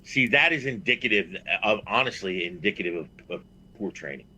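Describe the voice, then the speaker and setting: A man on a podcast telling a blunt, profane story as a veteran wrestler and getting loud and heated. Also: on the low side, expressive, fairly quick, rough recording. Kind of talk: casual podcast chat.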